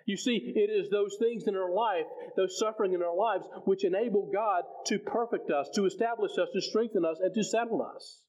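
A man's voice: high-pitched, fairly quick, hardly any pauses, a little mellow, rough recording. A man preaching a sermon in a conversational way, often repeating words and restarting phrases as he explains scripture.

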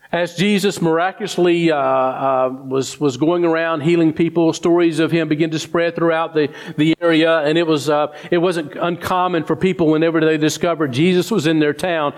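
Man, sermon, fairly high voice, swings between quick high complaining and slow low scripture reading. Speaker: preacher.

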